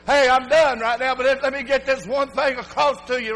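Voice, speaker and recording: An older pastor delivers a fiery sermon in a high, ringing voice. He slips between folksy, storytelling talk and loud, shouting preaching. His voice hangs in the long reverb of a church sanctuary. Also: moderate pace, vocal fry, few pauses.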